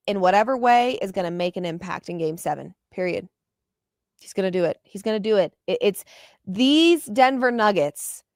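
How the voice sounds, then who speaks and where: A woman hosting a postgame basketball show, pouring emotion into her takes and doubling up words when excited. Her voice sits in a middle register, recorded dry and close. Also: medium pitch, no echo. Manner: passionate, openly emotional. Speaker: podcast host.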